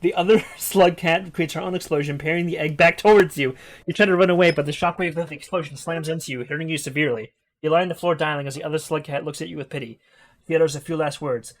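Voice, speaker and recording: A man's voice: on the high side, steady tone, fast talker. A man streaming, reading a text adventure aloud and reacting live, laughing often and swearing in surprise.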